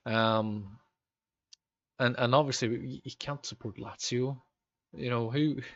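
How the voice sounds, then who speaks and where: The dull, dry recording carries the fairly low voice of a thirtysomething man from Northern Ireland doing live commentary on a football management game. He chats with his viewers, rambles, says "um" a lot, and responds to what happens in the matches.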